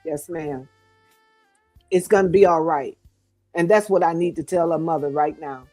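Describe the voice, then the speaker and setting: A woman's voice: sits low, normal speed, long pauses, dark tone, no room sound, soft background music. An older woman guest speaking with fervent, sermon-like cadence, encouraging mothers. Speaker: guest co-author. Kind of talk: preaching-style encouragement.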